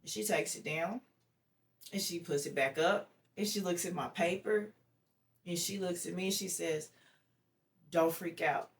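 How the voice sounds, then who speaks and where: A woman guest in an interview telling a personal story in a lively, casual way, acting out the dialogue she recounts. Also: lowish voice, normal speed. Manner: lively storyteller who acts out quoted dialogue. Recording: distant mic with faint background noise.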